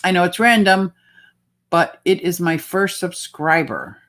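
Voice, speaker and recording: A woman's voice: on the low side, a little slow, a bit bright. A woman hosting a casual livestream, chatting and reading out viewer comments. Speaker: livestream host.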